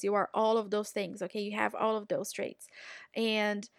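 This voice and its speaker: A woman's voice: mid-range voice, moderate pace, vocal fry, no echo, clean studio sound. A woman from Brazil, hosting a motivational business podcast and cheering listeners on directly. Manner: energetic, encouraging, talks straight to listeners. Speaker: podcast host.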